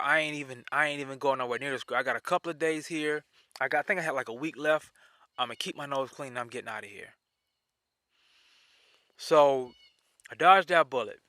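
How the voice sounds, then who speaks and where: A man telling a personal story in a casual, animated way, often repeating himself. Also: mid-range voice, dry recording.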